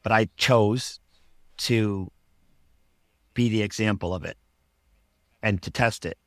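Earnest low-voiced man telling his story. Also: slow, dry recording, studio quality. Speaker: podcast guest. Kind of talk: personal story in conversation.

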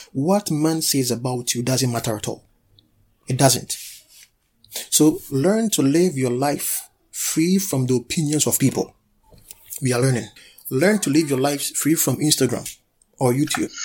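Husky-voiced preacher man exhorting. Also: mid-range voice, darkish tone. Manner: exhorting, leads call-and-response. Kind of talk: sermon.

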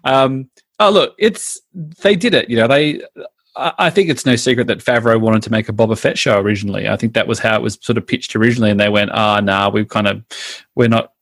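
A man's voice: mid-range voice, quick pace, no room sound. An Australian man co-hosting a podcast in casual, rambling chat with frequent restarts. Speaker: podcast co-host.

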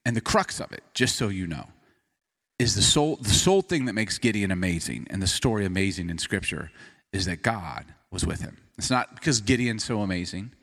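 An adult pastor with a low, creaky voice preaches a sermon, very animated and fairly quick. He tells a self-deprecating personal story with lots of energy, then grows quiet and earnest as he turns to scripture.

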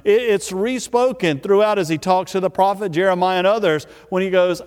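A man preaching a sermon, speaking emphatically and repeating key words with drawn-out pauses. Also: high voice, a little mellow, clean tone. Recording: long reverb of a large hall.

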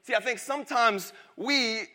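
A man's voice: very high voice, moderate pace, sharp tone. A man in his thirties preaching a sermon, telling a funny family story in a chatty, joking way. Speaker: pastor. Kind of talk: sermon with a humorous personal story.

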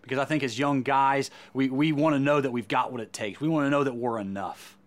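A man's voice: mid-range voice, fairly even intonation, fairly quick. A man delivering a sermon as a Christian speaker, earnest and emphatic, often repeating words as he goes.

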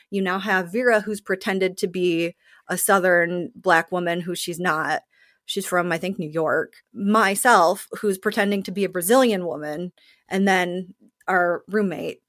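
A woman actor in a casual interview, telling the story of a play in an animated way and acting out other people's lines. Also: lowish voice, no echo, studio quality.

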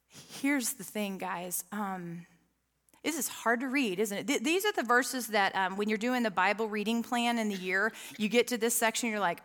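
A woman preaching a sermon to a room, reading scripture slowly and talking earnestly and conversationally, often asking the listeners questions. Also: medium pitch, fairly bright tone, in a large hall. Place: church room with an audience.

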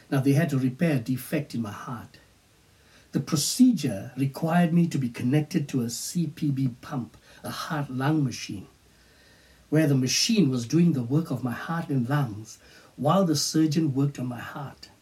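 A man preaching a sermon as pastor, slow and emphatic, dropping into whispers on key phrases. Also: medium pitch, darkish tone, far from the mic.

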